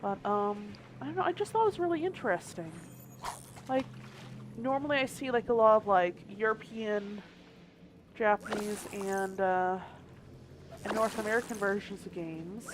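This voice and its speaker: A woman's voice: mid-range voice, moderate pace, long pauses, background noise. A woman game streamer chatting casually, thinking aloud and hedging as she goes, with the odd hiccup. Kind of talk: casual live-stream chat.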